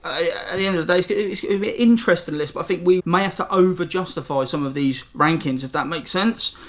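Man, podcast guest, fairly high voice, measured and hedging, muffled lo-fi line. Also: a bit bright. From Britain. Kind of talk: casual chat.

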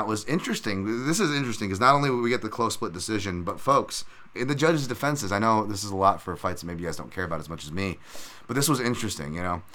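A man's voice: on the low side, pushed and bright. A man hosting a podcast, recapping fights in a casual, rambling way and calling his listeners folks. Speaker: podcast host.

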